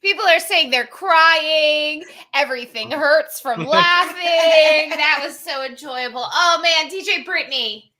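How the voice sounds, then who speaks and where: A woman's voice: high voice, a little slow, sharp tone. A woman co-hosting a comedy podcast, gushing and giddy after laughing. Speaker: podcast co-host.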